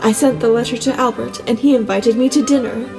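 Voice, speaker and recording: A woman voicing an eager young male composer who speaks with excitement. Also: on the high side, a little fast, gravelly. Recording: long reverb, soft music beneath.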